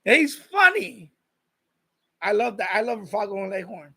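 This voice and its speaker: Stream host, male, high-pitched voice, loose rambling chat that doubles back on itself and reads out viewer comments. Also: sing-song, a little slow, vocal fry, pushed and bright, breathy edge. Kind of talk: casual chat with live viewers.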